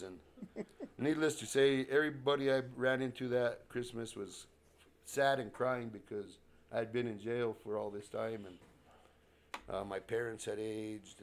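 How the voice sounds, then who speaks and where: A man's voice: on the low side, clean tone. A man from northern New Mexico telling a personal story to a live audience at a library, acting out the dialogue and chuckling often. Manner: lively, acts out both sides of a dialogue, chuckles often. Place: public library event room.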